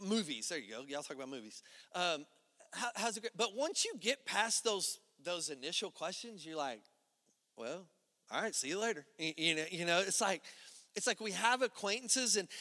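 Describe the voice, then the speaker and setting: A man preaches a sermon with a high, bright voice that rings out in a church hall with a long reverb. He talks to the congregation conversationally, pushing some lines out loud and dropping others to a low hush. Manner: conversational preaching, swinging between loud emphatic and hushed low delivery. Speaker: pastor.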